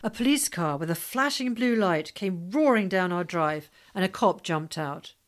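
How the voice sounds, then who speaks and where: A woman narrating a memoir-style story in a steady, storytelling manner. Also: lowish voice, normal speed. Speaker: audiobook narrator. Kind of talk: scripted narration.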